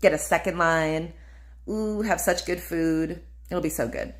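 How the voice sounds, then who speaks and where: A woman's voice: fairly low pitch, measured pace. A woman hosting her own podcast, telling a personal story in a dreamy, gushing way, full of "like" and "um". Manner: dreamy, gushing, lots of likes and ums. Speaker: podcast host.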